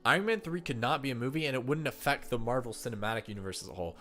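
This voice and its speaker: A man's voice: mid-range voice, expressive, very fast, a bit bright, soft background music. A stuffed-up man chatting casually to viewers while ranking movies, thinking aloud with fillers and restarts.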